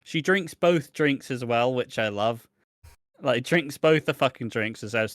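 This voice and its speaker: A man's voice: mid-range voice, expressive, a little slow, fairly bright tone, dry recording, clean studio sound. Sweary casual male podcast co-host. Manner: sweary, chatty, acts out quotes in mocking voices. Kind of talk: casual chat recapping a soap opera.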